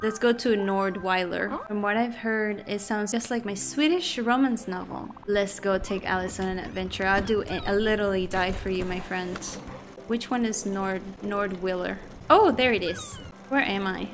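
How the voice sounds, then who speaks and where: A woman streaming a cozy game, chatting excitably, laughing often and talking back to the characters. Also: mid-range voice, normal speed. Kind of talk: casual gameplay commentary. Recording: stream audio with background music. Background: soft background music.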